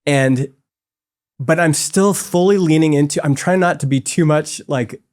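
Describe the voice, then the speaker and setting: A man's voice: a little high, measured pace. A man in his forties talks as an interview guest, candid and open. He tells stories in a loose, chatty way, often reaching for filler words as he goes. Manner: candid, animated storytelling with frequent "like" fillers. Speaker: guest, software company co-founder. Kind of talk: casual conversational interview.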